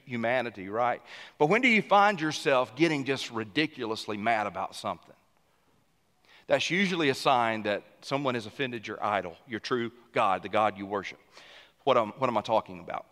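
A man preaching a sermon as senior pastor, animated and bursting into loud passages. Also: medium pitch, long reverb tail. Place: church sanctuary.

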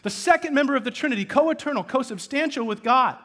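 A man preaching a sermon as pastor, shifting from loud emphatic bursts to hushed asides. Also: extremely high pitch, lively intonation, fast talker. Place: church.

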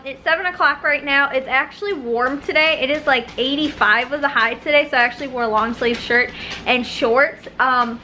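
A woman's voice: high voice, pushed and bright, a little hiss or hum, rough recording. A young woman chatting casually to the camera in a daily vlog, rambling on, speaking into a handheld camera mic outdoors and then in a car. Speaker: vlogger.

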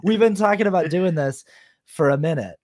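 This man hosts a relaxed conversation in a small studio, keeping things light and laughing often. His voice sits a little high for a man. The sound is close and dry. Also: brisk, no echo. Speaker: podcast host. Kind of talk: casual chat.

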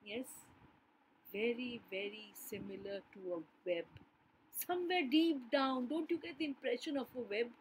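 A woman's voice: a little high, normal speed, a little hiss or hum, poor audio. A woman teacher explaining a poem line by line, often asking her listeners rhetorical "yes?" questions.

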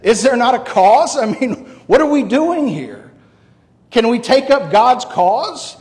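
A man's voice: very high-pitched, very animated, slow pace, a little mellow, long reverb tail, voice pushed up, full character voice. A man acting out a bold, fearless young shepherd hero in a sermon, firing off indignant, challenging questions.

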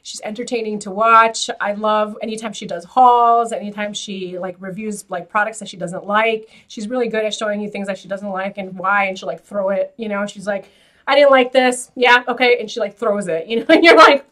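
A woman hosting a beauty vlog, chatting to camera in an animated, filler-heavy way and laughing often. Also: medium pitch, fairly quick, hardly any pauses. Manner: loose filler-heavy talk with frequent "like". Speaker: beauty YouTuber host. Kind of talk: casual chat to camera.

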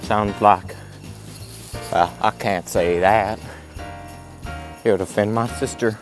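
A man's voice: fairly low pitch, steady tone, slow pace, faint music behind. A man putting on a crude redneck vlogger. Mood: rambling. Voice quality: loud, crude, jumps between yelling and muttering. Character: loud crude hillbilly man, excitable and paranoid. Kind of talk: comedic character vlog.

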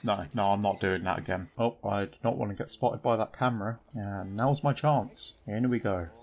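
A man's voice: lowish voice, moderate pace, faint music behind. Dry-witted man narrating gameplay. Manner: dry, sarcastic humour. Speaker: gaming channel host. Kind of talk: joking gameplay commentary.

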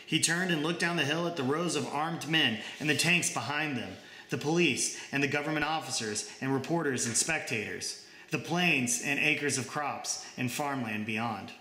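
A young man reading his own short story aloud in even, plain narration. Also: a little high, moderate pace, roomy sound. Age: young adult.

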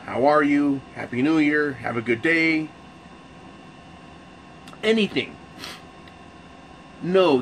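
A man hosts his own channel and talks straight to camera in a loose, cursing rant. He stumbles and restarts his sentences, and his voice sits a little high. A faint air conditioning hum runs underneath. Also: rough recording. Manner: profane, rambling rant with restarts. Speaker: channel host. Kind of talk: casual monologue to camera.

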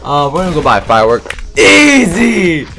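A man giving loud, profane, excitable commentary while playing a game online. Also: a little high, brisk, heavy background noise. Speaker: gaming video creator. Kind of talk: gameplay commentary. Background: game music and gunfire.

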